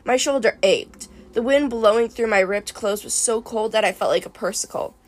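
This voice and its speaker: A woman reading a first-person adventure novel aloud in a lively storytelling manner. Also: a little high, normal speed. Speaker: reader.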